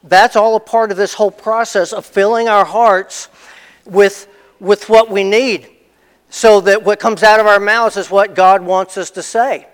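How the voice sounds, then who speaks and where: Personal anecdotes and repeated phrases drive this pastor's conversational sermon, delivered in a high-pitched, clean voice. He keeps a measured pace and fairly even intonation, and a large hall lends the recording a long reverb.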